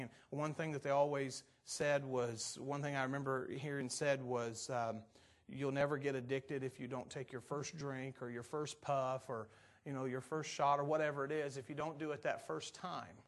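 A pastor preaching a sermon to his church, talking in a relaxed, folksy way with asides and stories, then pressing his points firmly. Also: medium pitch, normal speed. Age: adult parent. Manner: folksy and conversational, turning emphatic on doctrine.

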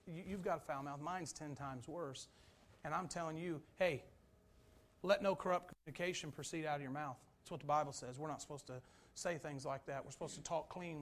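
A man preaching a sermon, swinging between loud, urgent emphasis and quiet, low asides.

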